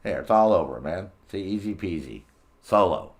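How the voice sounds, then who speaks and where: A gameplay streamer rambles casually about how he runs a heist solo, swearing throughout in a laid-back way. His voice is low and sing-song with vocal fry, at a moderate pace.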